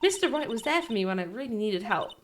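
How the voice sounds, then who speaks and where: A woman doing a soft, measured exhibit manager. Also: on the high side, sing-song, slight background noise. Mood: earnest.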